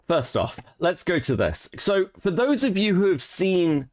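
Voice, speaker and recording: Male stream host, mid pitch, animated delivery, loose and sweary, lots of restarts. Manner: swearing, laughing, rambling with restarts. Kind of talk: casual stream chat.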